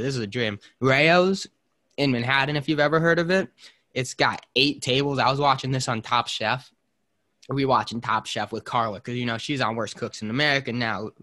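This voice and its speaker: A man's voice: mid-range voice, pushed and bright. A man hosting a casual podcast chat, rambling between topics with frequent fillers and restarts. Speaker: podcast host.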